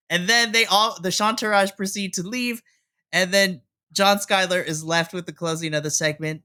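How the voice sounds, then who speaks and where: A podcast co-host giving a casual, animated recap of a wrestling episode and laughing often. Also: medium pitch, normal speed, smooth. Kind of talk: casual wrestling review chat.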